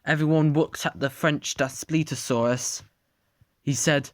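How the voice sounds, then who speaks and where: A narrator telling an improvised story in a halting way, often restarting sentences. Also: medium pitch, fairly even intonation, no echo.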